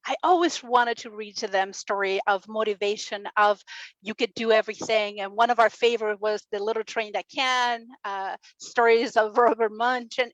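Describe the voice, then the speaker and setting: On a summit stage, a Chilean woman in her forties who hosts radio and a podcast gives a motivational personal talk, telling her story with earnest, animated energy, laughter and acted-out quotes. Her voice is fairly high, and the sound is dry and close with no room echo.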